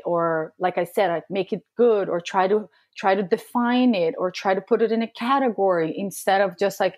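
A woman who works as a spiritual coach, talking as a podcast guest in a soft, reflective, emotionally open way with pauses and fillers. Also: fairly low pitch. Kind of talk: casual podcast conversation.

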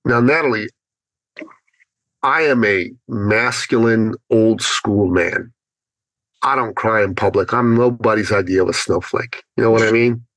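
Animated storytelling man, dry sound. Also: fairly low pitch, a little slow, dry recording, low-quality recording. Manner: animated storyteller who acts out his inner thoughts. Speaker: podcast guest, business speaker. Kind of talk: storytelling in an interview.

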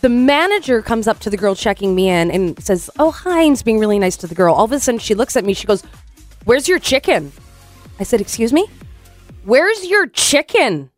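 A woman co-hosting a morning radio show, telling a story in an animated, chatty way and acting out the voices. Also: medium pitch, fast talker, few pauses, faint music behind. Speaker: radio co-host.

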